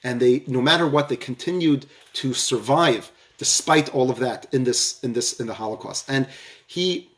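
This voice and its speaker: A man giving a storytelling lecture on a religious theme, halting often and repeating words as he goes. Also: medium pitch.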